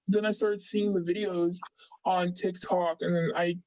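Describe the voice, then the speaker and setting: A young man telling a story casually as an interviewee, rambling with many fillers and animated retellings. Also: high-pitched, unhurried, no echo, poor audio.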